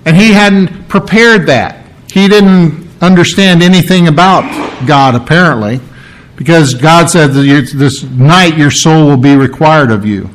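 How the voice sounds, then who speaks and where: A man's voice: a little high, unhurried, low-quality recording. A man preaching a sermon, explaining scripture word by word in an earnest, teacherly way and repeating key phrases for emphasis. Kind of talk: sermon with Bible reading.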